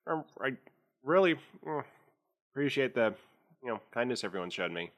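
A man voicing an eager young female fungal alien cadet who talks in a halting, shy way. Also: medium pitch, fairly bright tone, natural voice.

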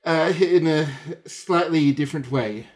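Slow, hesitant man in a tabletop game. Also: a little high, a little mellow. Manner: hesitant, many fillers. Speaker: player. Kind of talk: tabletop role-play chat.

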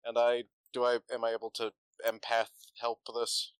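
A man's voice: mid-range voice, completely flat delivery, moderate pace, clean tone, dry recording. A man playing a tabletop game, talking casually and laid-back, often trailing off. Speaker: player.

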